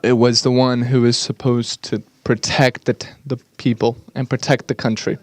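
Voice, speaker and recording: A man giving an earnest, slightly halting English voice-over interpretation of speakers at a conference. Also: medium pitch, level tone, darkish tone, no room sound.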